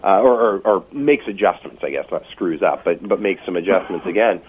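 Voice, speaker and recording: A man with a lowish voice talks his way through an explanation, hesitating and hedging with lots of "uh" and "you know." The sound is thin and phone-like, as if carried over a radio line. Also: animated, husky. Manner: halting, hedging, filler-heavy. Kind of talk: casual radio chat. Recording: tinny phone-like radio audio.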